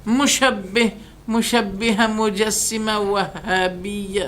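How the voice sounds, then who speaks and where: A man giving a religious lecture as a preacher, animated and rhetorical, firing off questions and acting out exchanges. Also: high voice, measured pace, a little hiss or hum. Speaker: Islamic preacher.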